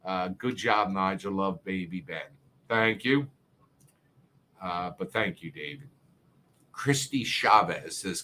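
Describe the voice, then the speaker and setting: A man's voice: lowish voice, a bit bright. A man with a South Jersey accent hosting a casual livestream, rambling, swearing and reading viewer comments aloud. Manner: rambling, profane, reads chat comments aloud.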